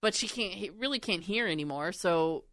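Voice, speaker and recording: A woman's voice: fairly low pitch, animated, moderate pace, a bit bright, dry recording. A woman co-hosting a casual chat, telling stories and laughing often. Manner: storytelling with frequent laughs.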